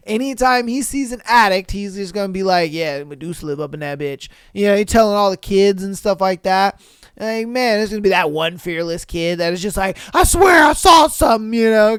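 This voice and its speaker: A man talks through a solo podcast in loose, slangy chat, swearing freely and breaking into laughter. His voice is clear and resonant. It sits close and dry on the mic. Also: high-pitched, dry recording. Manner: slangy, profane, exclamatory, laughs often. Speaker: podcast host. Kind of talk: casual solo podcast commentary.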